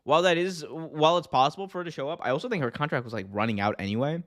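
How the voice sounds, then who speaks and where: Rambling, animated wrestling podcast host man. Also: a little high, racing. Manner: animated, rambling, lots of fillers and restarts. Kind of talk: casual commentary reading live chat.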